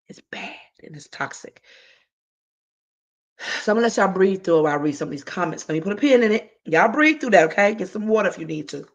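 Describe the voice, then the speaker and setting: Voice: medium pitch, fairly bright tone. A livestream host giving heartfelt advice in a casual, emphatic way, talking straight to viewers with colloquial slang. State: voice cracking.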